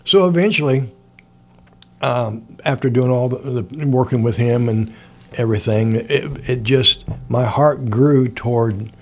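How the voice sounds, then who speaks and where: A man's voice: medium pitch, measured pace. An older man from Indiana, telling stories from his life in a rambling, casual way and chuckling often. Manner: rambling, chuckles often, acts out quoted people. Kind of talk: casual storytelling.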